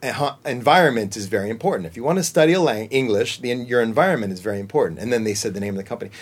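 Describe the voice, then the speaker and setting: Animated American man, voice actor. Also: lowish voice, rapid-fire, slightly rough. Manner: animated, jumps into character voices and sung snippets. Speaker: voice actor and children's singer. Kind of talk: casual interview chat.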